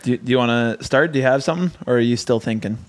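A man's voice: mid-range voice, rapid-fire. A man co-hosting a podcast, chiming in with short remarks and quips. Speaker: podcast co-host. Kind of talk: casual podcast chat.

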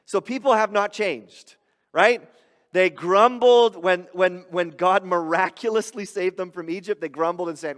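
A middle-aged man preaching a sermon in an animated, conversational way. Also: high-pitched, measured pace. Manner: animated, conversational preaching with playful grumbling voices. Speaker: pastor. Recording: hall reverb.

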